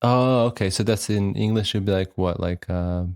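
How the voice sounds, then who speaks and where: A man with a somewhat low voice co-hosts a casual podcast, dropping wry asides and quick reactions. The recording is dry and close. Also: a little mellow, smooth, dry recording. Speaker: podcast co-host. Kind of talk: casual chat.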